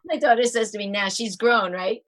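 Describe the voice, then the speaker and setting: A middle-aged woman on a video call, giving parenting advice in a lively interview and acting out her tips with sighs. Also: a little high, fairly quick. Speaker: parenting author guest. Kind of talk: animated interview talk.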